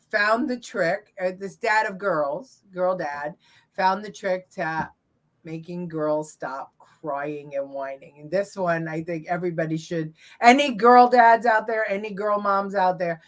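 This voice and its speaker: A woman co-hosting a show, chatting casually about viral videos, laughing often and trailing off with fillers. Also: medium pitch. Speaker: co-host reacting to viral videos. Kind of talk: casual chat.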